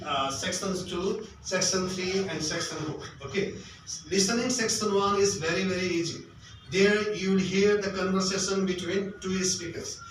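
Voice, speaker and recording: A man's voice: high voice, fairly bright tone, a little hiss or hum. Echoey Nepali-accented male English tutor. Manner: repetitive, asks rhetorical questions and answers them. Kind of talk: spoken tips lesson. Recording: very echoey room, mic at a distance.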